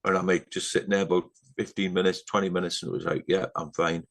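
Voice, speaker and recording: A middle-aged man with a very deep voice, talking as a podcast guest. He rambles through fillers and asides in casual chat. He often sinks into a hushed, earnest tone. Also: level tone, fast. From England.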